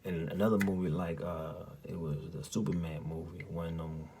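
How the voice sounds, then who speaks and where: Deep-voiced man rambling through a profane tale. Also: little pitch movement, normal speed, slight background noise. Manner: profane, rambling, keeps asking "you hear me?"; drops often into a hushed, breathy half-whisper. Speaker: storyteller. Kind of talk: casual spoken recounting of a dream.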